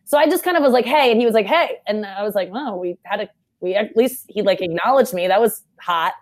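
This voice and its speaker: A young woman chats casually at medium pitch with lively intonation. She tells a story fast and animatedly, shouting out the quoted lines.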